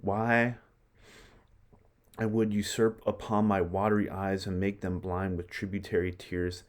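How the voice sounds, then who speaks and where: A man's voice: deep voice, flat delivery, measured pace. A man reading aloud the lines of a grieving old Roman father who vows revenge, declaiming the verse. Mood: grim.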